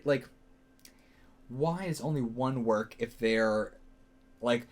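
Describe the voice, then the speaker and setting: Rambling casual guy. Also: a little high. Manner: rambling, self-questioning, frequent fillers and swearing. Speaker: reaction video host. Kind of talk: casual solo reaction commentary.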